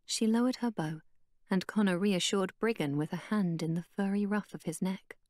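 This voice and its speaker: A woman narrates an audiobook from a script, telling the story in a steady, even way. Her pitch is medium and her speed normal, in studio-quality sound with no room sound.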